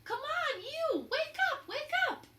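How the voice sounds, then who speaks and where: Woman as a shrill female bully capybara, yelling, bossy, very high, storybook. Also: animated, slow pace, slight background noise, heavily acted. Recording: roomy echo.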